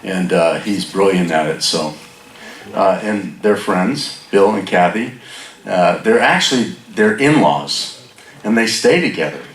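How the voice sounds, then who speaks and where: A man, the church's pastor, introducing a guest speaker and leading a prayer, halting with many restarts. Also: deep voice, lively intonation. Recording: echoey church from far off.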